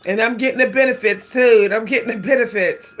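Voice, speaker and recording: Chatty woman vlogger, laughing often. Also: on the high side. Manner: chatty, laughs often, addresses viewers as y'all. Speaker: hair care vlogger. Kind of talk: casual chat to camera.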